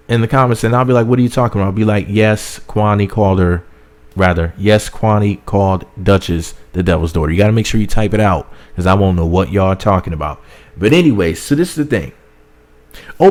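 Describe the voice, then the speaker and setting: A man's voice: medium pitch, darkish tone. A man giving chatty, sassy commentary on a reality show, talking straight to his viewers. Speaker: reality TV reviewer. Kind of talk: casual commentary vlog.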